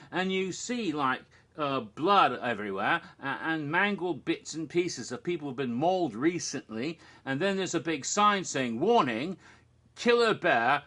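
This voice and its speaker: Exasperated ranting man, bright and lively. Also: on the high side. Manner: exasperated, profane, shouts in bursts. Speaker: horror vlogger. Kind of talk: ranting commentary.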